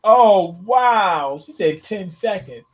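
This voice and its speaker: A man casually reviewing a comic chapter, slangy and thinking out loud with laughs. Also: sits high, expressive, slow. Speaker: manga reviewer.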